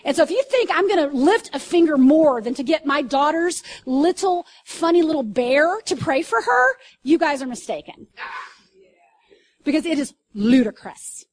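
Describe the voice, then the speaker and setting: A woman pastor preaching to a congregation, telling stories in an animated way with loud bursts and asides. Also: high voice, moderate pace. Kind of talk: sermon. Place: church service.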